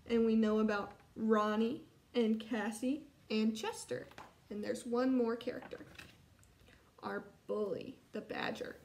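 High-voiced woman teaching first graders. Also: echoey room. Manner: warm, encouraging teacher talk to young children. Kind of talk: distance learning lesson and read-aloud.

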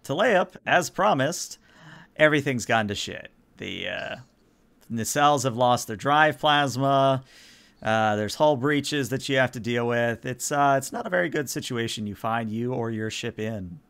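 A man's voice: mid-range voice, expressive, unhurried, creaky, a bit bright. A man narrating a tabletop role-playing game as game master, casual with many fillers.

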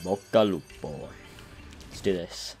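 Young guy rambling over his game, lowish voice, bit of game music under it. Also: slow pace. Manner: chatty, excitable, rambling. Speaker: let's play gamer. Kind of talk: casual gameplay commentary.

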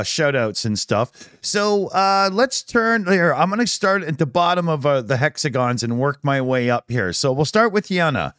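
Male stream host, lively and jokey; smooth voice, dry close mic. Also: fairly high pitch, no room sound. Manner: upbeat, jokey, laughs easily. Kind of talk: casual live-stream chat.

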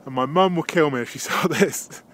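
A man out of breath, rambling casually with lots of fillers as he films himself outdoors on a high mountain ridge with a handheld camera. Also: brisk, fairly bright tone. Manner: rambling, chatty, with many fillers. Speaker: vlogger. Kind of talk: casual handheld vlog narration.

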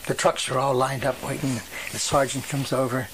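A man's voice: mid-range voice, little pitch movement, normal speed, background noise. A man, telling rambling stories in an oral history interview and acting out the voices of the people in them. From western Pennsylvania. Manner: rambling storyteller who acts out quoted voices. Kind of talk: storytelling reminiscence.

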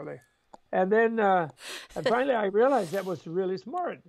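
This is an older Buddhist scholar, a guest in an interview, chuckling through meandering anecdotes and performing the quoted voices himself. He speaks at an ordinary pace in a high, gravelly, expressive voice.

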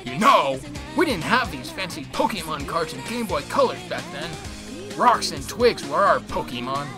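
Male narrator, lively pitch, slightly high, jokey, music behind. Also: normal speed. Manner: chatty, jokey.

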